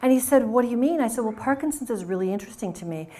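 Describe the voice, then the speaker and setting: Animated woman telling stories at a conference. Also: on the high side, very fast. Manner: animated, acts out the dialogue of her stories. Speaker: conference speaker. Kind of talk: lecture storytelling. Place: conference hall.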